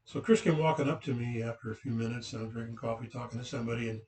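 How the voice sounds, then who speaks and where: Rambling dad telling a story. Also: male voice, mid-range voice, racing, darkish tone. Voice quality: rambling, with many fillers and restarts. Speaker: father recounting family memories. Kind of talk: casual anecdotal storytelling. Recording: roomy, from a distant mic.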